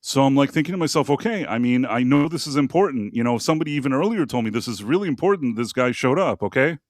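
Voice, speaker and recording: A man's voice: medium pitch, expressive, fast, dry recording. Guy on a live podcast rambling thru a story, lots of "you know what i mean", dry close sound. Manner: rambling, many fillers and asides. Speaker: podcast host. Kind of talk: casual storytelling on a live show.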